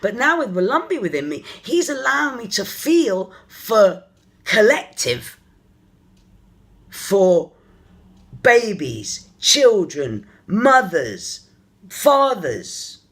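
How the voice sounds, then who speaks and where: Spiritual coach type rambling openly to camera, stops and restarts a lot, mid pitch. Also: sing-song, a bit bright. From London, England. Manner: earnest, searching, thinks aloud in halting phrases. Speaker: energy therapist and spiritual coach. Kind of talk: personal confessional vlog.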